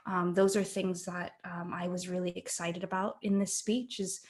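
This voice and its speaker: A young adult woman, a guest actor, chatting in a webinar about her process, thoughtful and halting with many fillers and restarts, heard over a video call. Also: mid-range voice, steady tone, a little mellow. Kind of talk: casual webinar chat.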